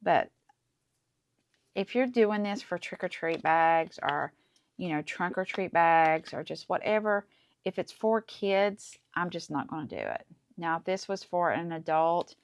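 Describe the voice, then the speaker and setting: Gravelly-voiced woman chatting through a craft. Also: lowish voice, no echo. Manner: chatty, enthusiastic, talks through each step. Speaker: crafting channel host. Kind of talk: casual crafting tutorial.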